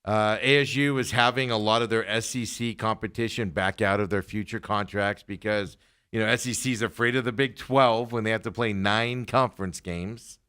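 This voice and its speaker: A man's voice: on the low side, steady tone, moderate pace, bright, forceful tone, clean tone. A man hosting a casual sports talk show, rambling and trailing off as he talks. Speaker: podcast host.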